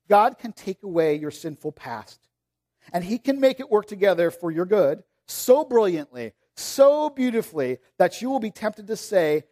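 In his sermon, the pastor keeps things conversational, often backing up to restart a sentence while alternating between loud, stressed phrasing and soft, low passages.

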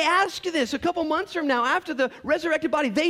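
A man in his thirties preaching a conversational sermon as a pastor, animated and joking, telling stories and often repeating words as he goes. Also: very high-pitched, moderate pace, hardly any pauses.

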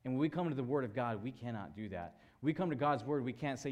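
A man delivers a sermon at an average pitch. He stresses his points with repetition and keeps returning to rhetorical questions. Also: expressive, fast, few pauses, a little mellow. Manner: emphatic preaching with repeated phrases and rhetorical questions. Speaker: pastor.

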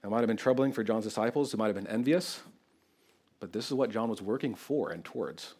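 A man preaching an expository sermon in an animated, conversational way, often checking in with the congregation. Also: fairly low pitch, brisk, slightly rough. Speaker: pastor.

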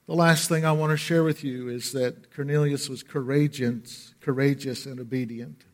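A man's voice: medium pitch, steady tone, moderate pace. A man preaching a sermon to his congregation, earnest and rising in intensity, often asking the crowd questions and waiting for answers. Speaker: pastor. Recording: long reverb of a large hall.

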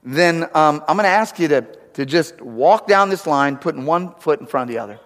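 A man voicing a calm, reasoning police officer in a joke. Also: on the high side, moderate pace, in a large hall. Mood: patient. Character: patient male police officer.

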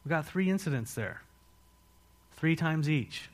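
A male pastor preaching a sermon, telling the story with lively rhetorical questions. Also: on the high side, measured pace.

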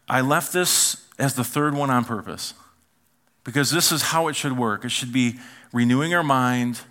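A man, a pastor, preaching a conversational sermon and asking the congregation questions. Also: medium pitch. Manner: animated, asks the congregation questions.

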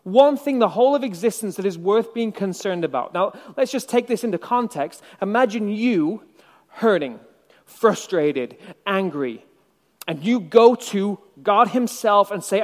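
A male preacher with a high-pitched voice delivers his sermon in a conversational, reflective way, dropping in wry asides. The long reverb of a large church hall rings behind each phrase. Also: expressive, measured pace, darkish tone.

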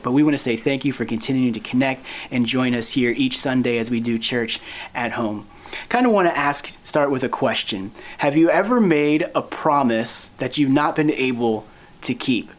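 A male pastor giving a sermon for an online church, relaxed and conversational, mixing in dad jokes. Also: mid-range voice, normal speed. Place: recorded for online church at home.

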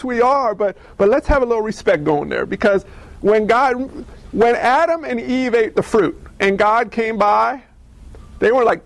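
Gravelly, high-voiced male preacher. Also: normal speed. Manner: conversational, animated storytelling with questions to the audience. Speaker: pastor. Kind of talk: sermon.

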